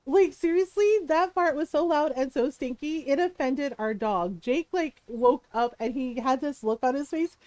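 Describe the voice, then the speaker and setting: Woman streamer, middle-aged, high voice, dry close sound, chatty storyteller who laughs a lot. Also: moderate pace, few pauses, darkish tone, no echo. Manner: chatty storyteller, laughs often, acts out quotes. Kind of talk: casual chat while gaming.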